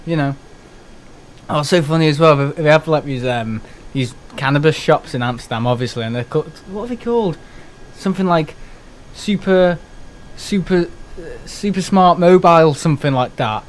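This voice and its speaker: A man's voice: on the high side, lively intonation, moderate pace, pauses often. A young man streaming a game, rambling casually, joking, swearing and laughing often. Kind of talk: casual live-stream chat.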